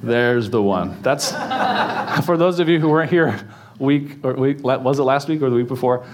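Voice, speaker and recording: A man preaching to a congregation in a church in a relaxed, chatty way. He jokes with the audience and stops to fill in with ums and restarts. His voice sits at an ordinary middle pitch for a man. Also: moderate pace, slight background noise. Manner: chatty, joking, many fillers and restarts. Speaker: pastor. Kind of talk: casual sermon teaching.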